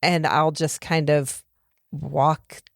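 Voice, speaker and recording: A woman playing a tabletop game, thinking aloud about her character's actions in a casual, halting way. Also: sits low, flat delivery, creaky, dry recording, studio quality. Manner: thinks aloud, many fillers and restarts. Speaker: player.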